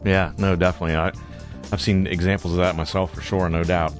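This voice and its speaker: A man's voice: deep voice, little pitch movement, quick pace, soft background music. A man hosting a radio talk show, joking and cutting in playfully. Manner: playful, jokey interruptions.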